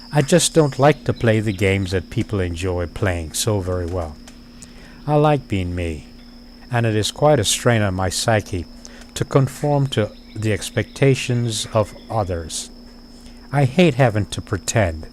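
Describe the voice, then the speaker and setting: A man with a lowish voice talks in a measured, deliberate way, with dry wit. It sounds like a personal video diary. Crickets and insects chirp faintly behind him. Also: a little hiss or hum. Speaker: vlogger.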